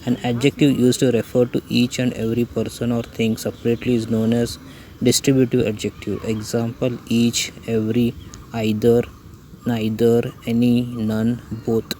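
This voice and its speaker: Flat-voiced man reciting a grammar lesson. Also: medium pitch, moderate pace, slight background noise, rough recording. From India. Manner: reads out definitions and example lists one by one. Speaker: English grammar teacher. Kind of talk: slow, even lesson recitation.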